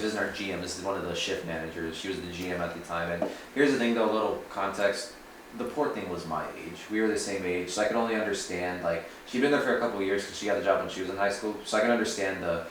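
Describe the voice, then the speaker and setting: A man's voice: low voice, fairly bright tone. A man in his twenties telling a story in casual podcast chat, rambling with lots of fillers and swearing. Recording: echoey room, far from mic, faint noise.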